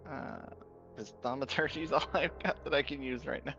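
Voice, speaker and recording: A man's voice: medium pitch, a little fast, vocal fry, muffled recording, over music. A man playing a tabletop game, rambling and chuckling as he explains his moves. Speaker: player. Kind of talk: casual tabletop game chat.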